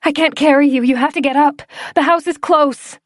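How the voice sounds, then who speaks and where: A desperate young woman begs and shouts in a high, strained voice, urgent and shrill, as a woman narrator puts her on. The sound is dry and close, with no room around it. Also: steady tone, moderate pace, no echo, lightly acted.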